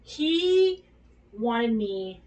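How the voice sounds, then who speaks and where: A woman, a dog groomer, telling a personal story in a casual, animated, exclamatory way and swearing freely. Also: a little high, very slow, recorded from a distance.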